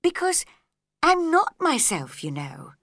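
A woman's voice: high-pitched, wildly swooping pitch, takes it slowly, fairly bright tone, no room sound, clean studio sound, pitched above the performer's own voice, full character voice. A woman voicing a polite, puzzled young girl in a storybook reading, eager and courteous.

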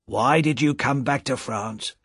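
A man voicing a grave, cautious male wine-shop keeper who speaks quietly and warns in a husky voice. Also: a little slow, no room sound, studio quality, exaggerated voice. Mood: hushed. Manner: quiet, low-key warnings.

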